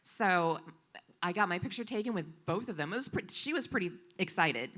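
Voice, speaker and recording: Speaking a little fast in a lowish voice, a woman interprets a live story for a storyteller at a coffee shop event. Her delivery is animated and expressive.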